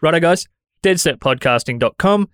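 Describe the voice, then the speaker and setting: A man's voice: a little high, lively intonation, normal speed, clean tone, dry recording. An Australian man hosting a solo podcast, talking frankly and conversationally into a studio microphone. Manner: frank, conversational, mildly exasperated critique. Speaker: podcast host. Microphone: studio dynamic microphone.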